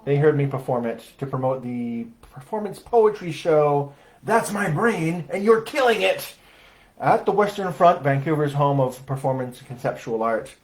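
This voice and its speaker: A man's voice: a little high, animated, normal speed, poor audio. A man chatting wryly and self-deprecatingly on a livestream between accordion songs. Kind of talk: casual stage patter and sung comic tango. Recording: loud accordion music behind.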